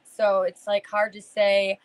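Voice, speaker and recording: A woman's voice: mid-range voice, completely flat delivery, slow, clear, resonant tone, poor audio. A woman guest on a casual podcast, answering hesitantly and searching for her words. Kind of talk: casual chat.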